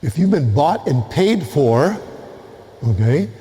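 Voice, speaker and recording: Slow-speaking priest in a reverberant church. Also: male voice, a little high, very animated, warm tone. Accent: New England. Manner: slow, deliberate delivery with pauses. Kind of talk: Gospel reading and homily.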